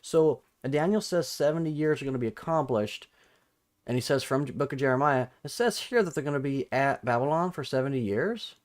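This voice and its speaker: A man of ordinary pitch hosts a live Bible study stream, talking off the cuff. He stumbles and restarts as he hunts for verses, then reads the passages aloud. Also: animated. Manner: halting and self-correcting, restarts numbers while looking up verses; reads scripture and viewer chat aloud.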